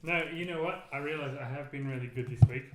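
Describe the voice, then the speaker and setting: A man's voice: mid-range voice, fast, noisy background. A man co-hosting a podcast in casual chat, making wry, dry jokes. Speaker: podcast co-host.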